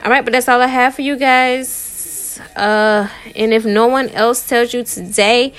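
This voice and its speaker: A woman's voice: on the high side, steady tone, measured pace, a bit bright. A woman tarot reader giving a casual, encouraging pep talk to her viewers, talking loosely with lots of "y'all" and "man" and repeated phrases. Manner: conversational, repeats herself, uses "y'all" and "man".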